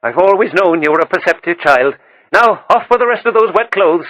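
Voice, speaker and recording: A man voicing a kind, motherly countrywoman who scolds gently, in an audiobook. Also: sits high, animated, fairly quick, dry recording, pitched above the performer's own voice, poor audio. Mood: caring, gently scolding. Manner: gentle mock sternness.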